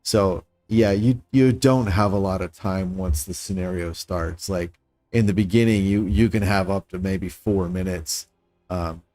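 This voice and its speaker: Streaming a building game, a man with a deep, dark voice talks at a measured pace with fairly even intonation, recorded with no echo. He thinks aloud as he builds, musing and self-critical as he sizes up his own designs, talking to chat viewers in passing.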